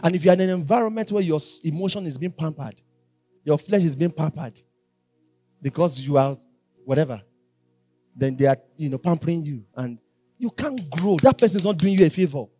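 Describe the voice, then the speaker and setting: A male preacher delivering a sermon, emphatic and repetitive, moving between loud exhortation and quiet asides. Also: a little high, a little fast, long pauses, no echo, faint music behind.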